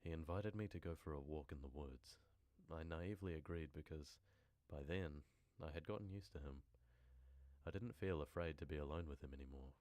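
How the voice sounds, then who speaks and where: A man with a very deep, low voice reads horror stories on a live stream. He drifts into casual, rambling chat with viewers between passages. The mic is close and dry, with no room sound. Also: a little fast, a little mellow, no echo. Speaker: horror story narrator and streamer.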